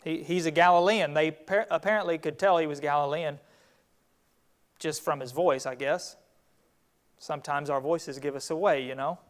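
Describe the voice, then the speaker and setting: A man's voice: fairly high pitch, normal speed, pauses often. A man teaching a Sunday Bible class, retelling a scripture scene in a conversational way.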